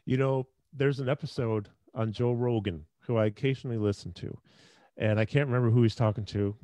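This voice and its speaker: A man's voice: mid-range voice, fairly even intonation, a little fast, mellow, no echo. Middle-aged male host, chatty, wanders off topic, dry close recording. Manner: chatty, digressive. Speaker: podcast host. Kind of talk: casual interview talk.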